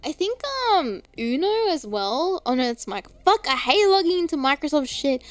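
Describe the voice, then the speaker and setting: A woman's voice: sits high, sing-song, normal speed, no echo, faint music behind. A young woman streaming, chatting casually about games, laughing often and swearing now and then. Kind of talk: casual chat.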